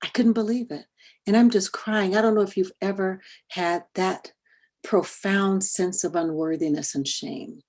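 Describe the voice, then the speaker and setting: Woman, middle-aged, workshop speaker, expressive storytelling, hushed to animated, video call mic. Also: medium pitch, a little slow. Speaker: workshop speaker on parenting and bias. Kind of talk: personal storytelling in a talk.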